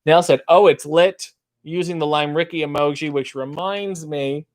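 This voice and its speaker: A man's voice: a little high, steady tone, moderate pace. A man hosting a casual livestream, reading viewer comments aloud and riffing on them in a dry, wry way. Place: dark room with a black backdrop.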